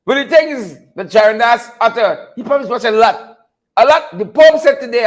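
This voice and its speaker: A man's voice: very high voice, animated, moderate pace. A man with a Guyanese accent hosting casual political commentary, repeating himself, chuckling and calling out viewers by name. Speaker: host of a political commentary show. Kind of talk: casual live commentary reading viewer names.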